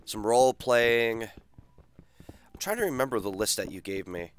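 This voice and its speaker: A man's voice: medium pitch, lively intonation, a little slow, clear, resonant tone, no room sound. A man streaming a game, bantering with his chat in a crude, teasing way. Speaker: gaming streamer. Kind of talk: casual live-stream chat.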